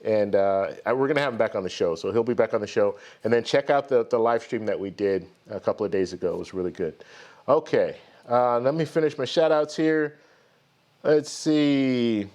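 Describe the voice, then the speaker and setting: A man's voice: medium pitch, moderate pace, darkish tone. A man hosting a live stream, greeting viewers by name in a friendly way and then telling his own story in a rambling manner, often restarting his sentences. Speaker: host of a live stream credit card show. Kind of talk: casual live stream chat.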